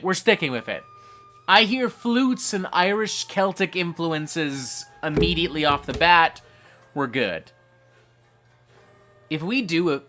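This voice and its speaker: A man hosting a live stream and reading chat aloud, tipsy and getting drunker, profane, swinging from low mumbles to hyped shouts. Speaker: livestream host reading chat.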